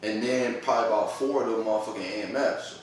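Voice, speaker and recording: This podcast host has a fairly low, steady voice and talks fast while telling a long story in casual conversation. He rambles, using lots of slang and laughing often. The sound is roomy and echoey, a bit distant from the mic.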